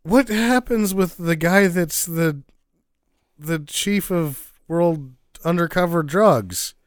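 A man in a casual chat, tossing out wisecracks and deadpan asides. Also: on the high side, slow, clear, resonant tone, dry recording, studio quality.

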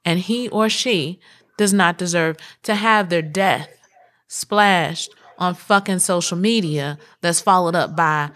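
Bright, blunt woman podcast host. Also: lowish voice, slow. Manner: blunt, profane, animated storytelling. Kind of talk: casual group chat. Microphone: studio mic.

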